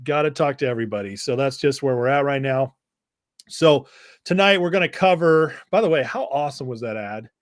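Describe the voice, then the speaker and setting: A man hosting a live stream, chatting casually and greeting viewers by name with high energy. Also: brisk, no echo, studio quality. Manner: energetic, reads out viewer names in a rush. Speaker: livestream host.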